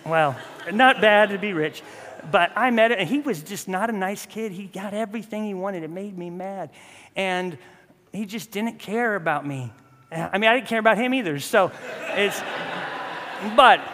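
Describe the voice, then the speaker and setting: A man's voice: sits high, fairly bright tone. A man in his thirties preaching a casual, humorous sermon, acting out bits of his stories. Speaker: pastor. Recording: long reverb in a hall.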